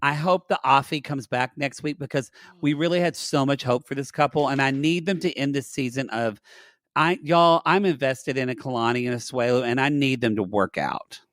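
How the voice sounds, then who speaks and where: A man's voice: mid-range voice, normal speed, a bit bright, no echo, clean studio sound. A man co-hosting a podcast, animatedly recapping a reality show and quoting the scenes. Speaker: podcast co-host. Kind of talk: casual recap chat.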